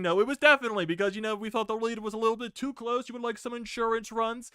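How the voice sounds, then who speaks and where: A young man hosting a sports video, giving an excited fan reaction rant, swearing freely and laughing. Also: very high-pitched, fast talker, hardly any pauses, clean tone, no echo, studio quality.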